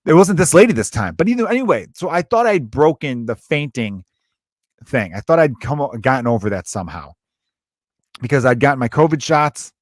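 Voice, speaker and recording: A man's voice: mid-range voice, no echo, studio quality. A man hosting a podcast, telling rambling stories in a casual comedic monologue with plenty of swearing. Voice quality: rambling, profane, animated storytelling. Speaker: podcast host.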